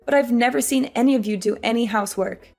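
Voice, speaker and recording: An actress playing an exhausted young working wife, weary and pleading. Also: female voice, a little high, fast talker, vocal fry, a little mellow, soft background music. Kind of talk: audio drama acting.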